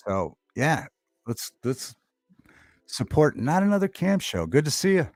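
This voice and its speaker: A man's voice: a little high, big pitch swings, a little slow, darkish tone, dry recording. A man hosting a livestream talk show, chatting casually, reading the chat aloud and repeating favorite movie lines with relish.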